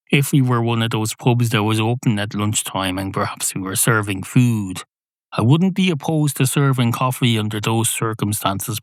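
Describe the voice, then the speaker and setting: A man voicing an unflappable pub barman who explains himself in measured, long-winded sentences. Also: mid-range voice, no echo, studio quality, natural voice.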